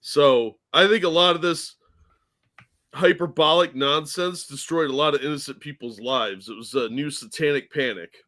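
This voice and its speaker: Co-host, man, bright tense tone, blunt and crude. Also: on the high side, moderate pace. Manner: blunt, crude, sarcastic remarks. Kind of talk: casual podcast chat.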